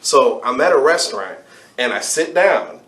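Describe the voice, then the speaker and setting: A man with a mid-pitched voice, co-hosting a podcast and telling a story with lively energy. He keeps it casual and chatty. His voice rings a little in an echoey room. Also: normal speed. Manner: animated storyteller, jumps into high voices for quotes. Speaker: podcast co-host. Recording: roomy room sound.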